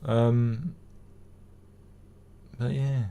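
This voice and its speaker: A man's voice: mid-range voice, level tone, drawn-out words, vocal fry, dark tone, clear, resonant tone. A middle-aged man hosting a live stream, reading out viewer comments and answering them with rambling, exclamatory chatter and swearing. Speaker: channel host.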